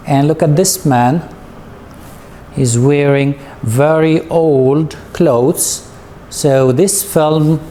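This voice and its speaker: A man with a fairly high, dark-toned voice teaches an English lesson to students, patient and drawn-out, leading with questions. It's a slow recorded classroom lesson, with a little hiss or hum on the recording.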